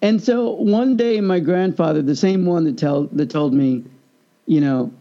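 High, gravelly man telling stories. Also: unhurried, lo-fi sound. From United States. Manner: animated storyteller, acts out quoted voices. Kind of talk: casual storytelling chat.

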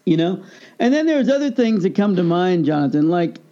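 Casting: high-pitched gravelly man, mellow tone, animated storyteller, dull lo-fi sound. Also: brisk. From United States. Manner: animated storyteller, acts out quoted voices. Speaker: guest telling stories. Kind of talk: casual storytelling chat.

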